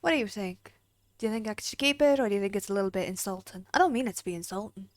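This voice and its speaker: A woman's voice: mid-range voice, lively intonation, very fast, no echo, clean studio sound. Chatty young woman streamer. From Australia. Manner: chatty, giggly, rambling with restarts. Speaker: game streamer. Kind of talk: casual livestream chat.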